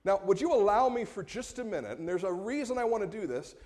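A man preaching a sermon as pastor, moving between quiet, slowed passages and raised, emphatic appeals. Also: high-pitched, animated.

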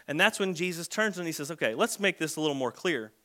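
Bright-voiced man preaching conversationally. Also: fairly high pitch, expressive, fast talker. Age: adult with a son. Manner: conversational preaching, acts out quoted lines. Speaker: pastor. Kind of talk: sermon.

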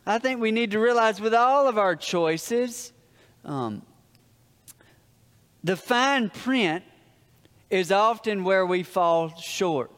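A man preaching a sermon as a pastor, telling stories and dropping his voice low for the punchlines. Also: lively intonation, slow, pauses often, fairly bright tone, clear, resonant tone. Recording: long hall reverb.

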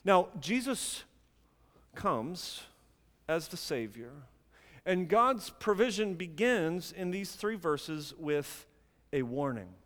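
A man preaching a sermon, emphatic at times and dropping to quiet intensity. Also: on the high side, sing-song, slow pace, long reverb tail.

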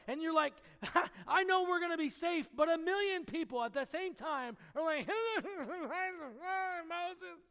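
Guy preaching with a super high voice, earnest but kinda playful, big echoey hall. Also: fairly bright tone. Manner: earnest teaching with playful, laughing asides. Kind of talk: sermon.

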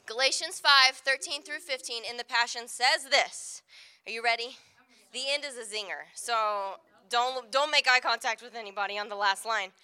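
A woman pastor delivers a sermon in a relaxed, conversational way. Her voice sits high and sounds very bright and sharp. She keeps turning to the congregation with quick asides. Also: clean tone. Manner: conversational, frequent "right?" asides.

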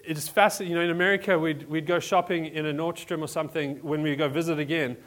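A man from South Africa, pitched a little high, preaches a sermon to his church. He talks casually, stumbles into restarts and fills pauses with "um" and "uh". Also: steady tone, a bit bright. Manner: conversational, restarts often, many fillers. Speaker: pastor.

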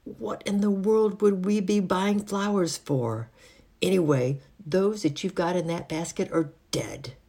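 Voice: mid-range voice, measured pace, dark tone, voice pushed up. A reader voicing a grand young housemaid who answers the door sharply and scornfully.

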